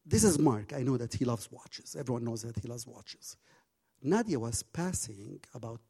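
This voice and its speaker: A man preaching a sermon and telling a story with passion, swinging from hushed tones to loud bursts, his English phrasing slightly broken. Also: mid-range voice, lively intonation, normal speed, breathy edge.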